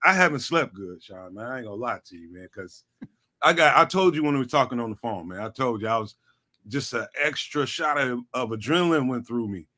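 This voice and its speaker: A man guesting on a sports talk show, with a bright, forceful voice at a middling pitch. He talks in an animated, slangy way and loops back on phrases to hammer his point home. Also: a little fast. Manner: animated, slangy, repeats himself for emphasis. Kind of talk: casual sports talk chat.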